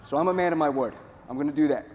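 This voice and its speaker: A man from Northeast Pennsylvania giving a jokey, energetic conference talk to a live audience. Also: fairly high pitch, racing. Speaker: conference presenter. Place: large conference hall. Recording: hall reverb, faint room noise.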